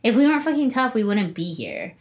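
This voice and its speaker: A young woman in casual conversation, chatty and quick to laugh, swearing freely as she talks about training in martial arts. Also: on the high side, wildly swooping pitch. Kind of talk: casual chat.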